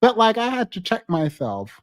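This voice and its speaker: Man, high-pitched voice, opinionated podcast host, emphatic, laughs a lot. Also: wildly swooping pitch, normal speed, dry recording. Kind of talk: casual reality-TV commentary.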